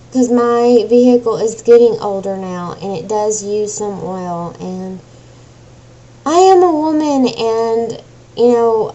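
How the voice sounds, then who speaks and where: A woman's voice: medium pitch, mellow, poor audio. A young adult woman venting in an emotional personal rant, agitated and exasperated, swearing now and then. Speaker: vlogger.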